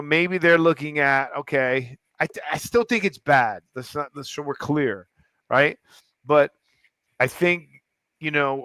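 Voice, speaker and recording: A man hosting a casual sports podcast, talking in an animated, rambling way with many restarts. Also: on the high side, dry recording. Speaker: podcast host. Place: club in downtown Fort Lauderdale.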